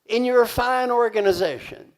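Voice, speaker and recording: A man giving a live leadership seminar in a large conference hall, energetic and joking as he leads the audience in call-and-response. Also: very high voice, normal speed. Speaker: leadership coach and keynote speaker. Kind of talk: live motivational seminar talk.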